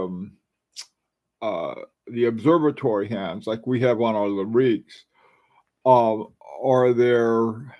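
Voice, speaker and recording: A man's voice: mid-range voice, a little mellow. A middle-aged man hosting a casual live stream, rambling and musing with frequent fillers and restarts. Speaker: watch channel host.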